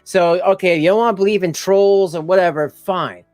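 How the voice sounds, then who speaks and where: A man's voice: high voice, brisk, darkish tone, no room sound, faint music behind. A man doing casual live-stream commentary, rambling with lots of "you know" and "like" and asides to his viewers. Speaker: live streamer reacting to videos.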